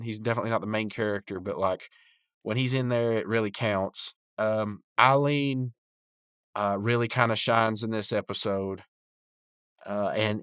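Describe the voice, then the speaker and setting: A man's voice: on the low side, a bit bright, smooth, dry recording, clean studio sound. A man hosting a podcast, recapping and reviewing a cartoon episode in a loose, rambling way with lots of fillers.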